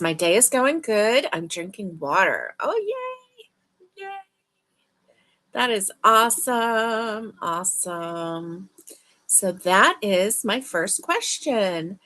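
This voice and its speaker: On a webcam mic, a tired, yawning woman hosts a crochet livestream in a mid-range, fairly bright voice. She still manages friendly, chatty greetings as she talks casually with viewers.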